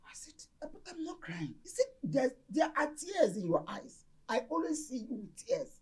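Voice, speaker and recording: An actress playing an excitable middle-aged Nigerian mother who exclaims loudly and slips into Igbo, with a Nigerian accent. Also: sits high, normal speed. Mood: uneasy. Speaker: actress in a film. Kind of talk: Nollywood film acting.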